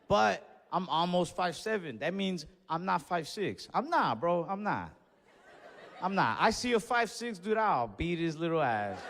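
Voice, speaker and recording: A young man doing a stand-up comedy set on stage, telling stories in an animated way that builds to outbursts. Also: high-pitched, unhurried, gravelly, big-room sound, a faint crowd. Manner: animated storytelling with escalating outbursts. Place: comedy stage before a live audience.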